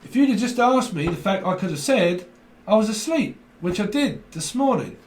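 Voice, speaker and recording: A man talking through a tarot reading with a somewhat high voice and a theatrical, emphatic delivery. He keeps tossing out quick question tags, and his voice echoes around the room. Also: sing-song, background noise. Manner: emphatic, dramatic, keeps asking "right?". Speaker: tarot reader. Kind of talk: casual video tarot reading.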